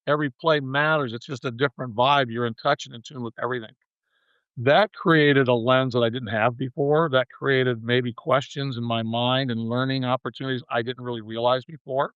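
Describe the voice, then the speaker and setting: A man's voice: mid-range voice, moderate pace, clean tone, no room sound, highs cut off. A man in his sixties, a former baseball player and manager, telling rambling stories as a podcast guest. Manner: rambling anecdotal storyteller, animated when retelling arguments. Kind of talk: casual storytelling interview.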